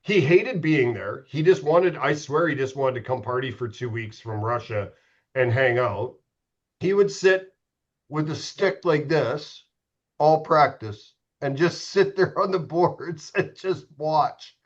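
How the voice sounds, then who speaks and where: A man's voice: fairly high pitch, animated, a little slow, highs cut off. A middle-aged man, a former hockey goalie, telling profane, laughing stories as a podcast guest. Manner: profane, laughing storyteller with frequent restarts. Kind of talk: casual storytelling chat.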